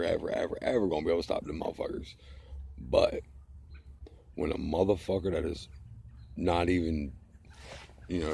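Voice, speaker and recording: A man's voice: low voice, vocal fry, mellow. A middle-aged man ranting to camera in a blunt, heated, profane way. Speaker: vlogger. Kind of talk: angry casual rant to camera.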